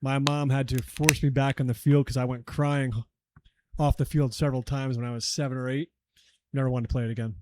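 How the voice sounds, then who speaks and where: A man in his forties and a father of three, talking candidly and low-key in a casual podcast chat. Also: little pitch movement, a little fast, background noise. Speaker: podcast guest.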